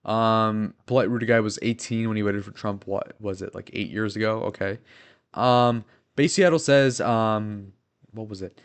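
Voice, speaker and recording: This twenty-something man's voice is lowish, slightly slow, and clean in tone as he loosely chats on a livestream, full of fillers and swearing.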